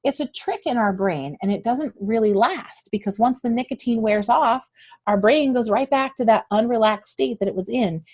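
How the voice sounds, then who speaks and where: A woman health educator speaks straight to young viewers in a friendly, encouraging lesson. Her voice is a little high and darkish with a breathy edge, delivered at normal speed.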